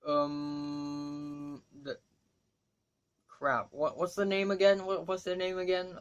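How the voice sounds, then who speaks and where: Male reviewer, voice a bit high, reading his review casually with asides. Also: monotone, slow, long pauses, clear, resonant tone, dull audio. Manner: casual, chatty, with fillers and self-asides. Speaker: movie reviewer. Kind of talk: reading a written review aloud.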